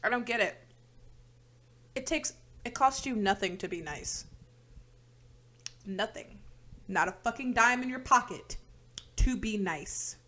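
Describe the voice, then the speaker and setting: A woman's voice: fairly high pitch, lively intonation, measured pace, pauses often, bright, forceful tone. A woman hosting a reaction video, talking in blunt, profane, exasperated rants. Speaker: reaction channel host. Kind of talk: casual reaction commentary.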